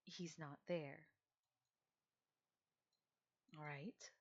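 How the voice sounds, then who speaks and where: A woman voicing a calm guardian who speaks softly and reassuringly. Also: on the low side, normal speed, muffled recording, close to an everyday voice. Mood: soothing. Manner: soft, reassuring, hushing. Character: calm older guardian, gentle and soothing.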